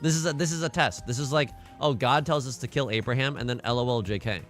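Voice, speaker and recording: A man's voice: mid-range voice, fast talker, soft background music. A man streaming a game, chatting casually and jokingly, repeating himself and putting on mock outrage. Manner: animated, jokey, repeats phrases, mock outrage. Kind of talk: casual livestream gameplay commentary.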